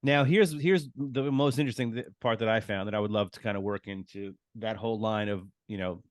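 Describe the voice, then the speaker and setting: A man's voice: lowish voice, fairly quick, few pauses, dry recording, studio quality. A man, a guest comedian, talking through joke ideas in a casual chat, storytelling and acting out little voices. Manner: storytelling, acts out voices for jokes.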